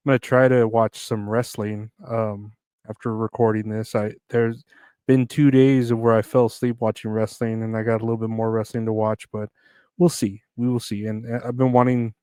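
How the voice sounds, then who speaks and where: Casting: male solo podcaster, crude rambling humor, smooth clear voice, dry close sound. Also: medium pitch, a little mellow, no room sound. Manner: crude, rambling, jokey, reads news aloud and riffs on it. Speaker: podcast host.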